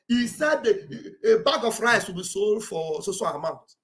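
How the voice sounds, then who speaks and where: Booming Nigerian man preaching on a livestream. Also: animated, normal speed. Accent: Nigerian English with Pidgin. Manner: loud, preachy, shouting exhortations. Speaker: livestream commentator. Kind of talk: impassioned livestream address. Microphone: streaming setup mic.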